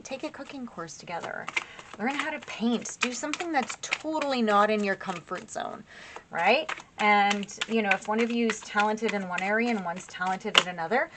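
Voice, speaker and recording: A woman giving a casual tarot reading to camera in a chatty, rambling way, laughing at herself and filling pauses with "um" and "right?". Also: on the high side. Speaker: tarot reader.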